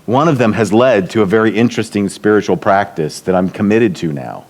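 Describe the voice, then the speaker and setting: A man's voice: lowish voice, brisk. Middle-aged man telling stories at a church event. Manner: warm storytelling, acts out quotes with raised voice. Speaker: speaker at a church leadership event. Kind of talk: storytelling talk.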